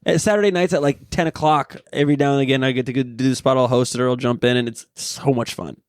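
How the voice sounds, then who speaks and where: A man's voice: mid-range voice, steady tone, fast, no echo, clean studio sound. A man co-hosting a comedy podcast, chatting casually and riffing with his guest. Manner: chatty, riffs on the guest's stories. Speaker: podcast co-host.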